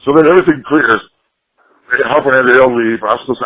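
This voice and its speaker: A man's voice: medium pitch, racing. A man from New Jersey, a punk band member, telling rambling, profane stories in a casual interview. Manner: profane, rambling storyteller, quotes people. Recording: tinny phone line.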